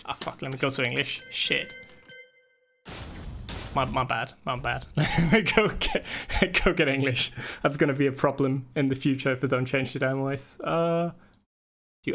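A man's voice: medium pitch, fairly bright tone. A young man hosting a gaming tournament stream, chatting casually and rambling with frequent swearing and fillers. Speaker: tournament organizer and stream host. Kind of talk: casual livestream chat.

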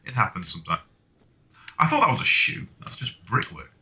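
A man's voice: lowish voice, wildly swooping pitch, fairly quick, bright, forceful tone. A man casually talking to himself while playing a video game, joking and swearing freely. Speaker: gaming video host. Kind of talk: let's play commentary.

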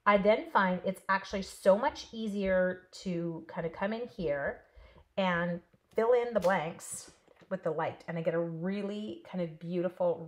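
A woman teaching a live card-stamping class in a casual, chatty way, talking to her viewers by name. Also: mid-range voice. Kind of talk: casual live craft demo.

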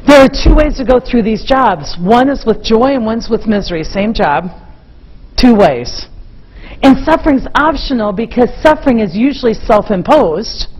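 Middle-aged woman doing a motivational keynote, lively storyteller, kinda high voice. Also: normal speed, husky, rough recording. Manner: animated storytelling to a live audience. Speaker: keynote speaker.

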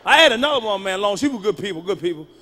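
A man performing live stand-up storytelling, profane and punchy, swinging from muttered asides to sudden yells. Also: sits high, expressive, rapid-fire. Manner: loud, profane, punchy delivery that jumps between muttering and yelling. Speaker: stand-up comedian.

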